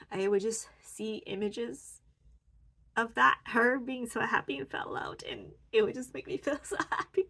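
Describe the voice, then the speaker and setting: A woman in her own home office, softly and warmly sharing a personal healing experience with many fillers. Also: medium pitch, vocal fry. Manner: soft, heartfelt, with many fillers. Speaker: spiritual vlogger. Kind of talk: casual reflective sharing.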